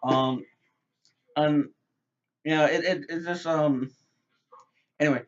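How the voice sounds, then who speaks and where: A man's voice: a little high, fairly even intonation, takes it slowly, highs cut off. Rambling man reviewing a show. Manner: rambling, many fillers and repeated words. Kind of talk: casual unscripted review.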